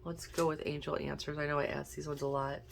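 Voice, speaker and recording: A woman's voice: low voice, level tone, fast talker, vocal fry, heavy background noise. A woman giving a casual tarot and oracle card reading, chatting and thinking aloud as she draws cards. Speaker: intuitive card reader.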